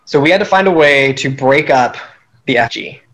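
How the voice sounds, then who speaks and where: A man's voice: medium pitch, lively intonation, normal speed, a bit bright, poor audio. A man casually recapping a strategy game he played, telling it animatedly and laughing at his own schemes.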